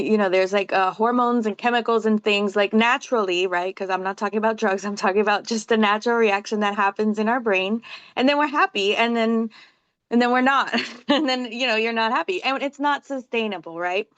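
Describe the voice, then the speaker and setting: A woman's voice: medium pitch, a bit bright, clean tone, lo-fi sound. A woman hosting a podcast interview, affirming her guest and asking long, reflective questions in a casual way. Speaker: podcast host and author. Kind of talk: conversational interview.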